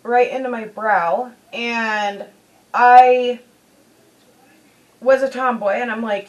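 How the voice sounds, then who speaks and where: A woman beauty vlogger tells a personal story in a chatty, unhurried way. Her voice sits fairly high and moves slowly, and she keeps dropping in "you know"s. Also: steady tone, low-quality recording. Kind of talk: casual storytelling.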